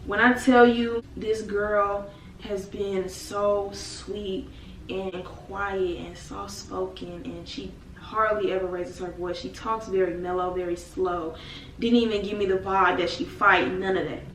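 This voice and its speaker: A young woman casually telling a story with animated, dramatic slang. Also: medium pitch, a little slow. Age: young adult. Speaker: vlogger. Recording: echoey room, mic at a distance, faint noise.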